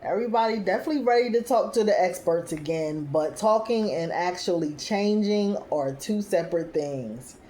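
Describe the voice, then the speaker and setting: A woman's voice: fairly low pitch, animated, normal speed, hardly any pauses, mellow. A woman host casually recapping a reality show episode, chatty and laughing often, acting out what people said and using slang. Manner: chatty, laughs often, acts out quoted lines; uses casual slang like "child" and "y'all".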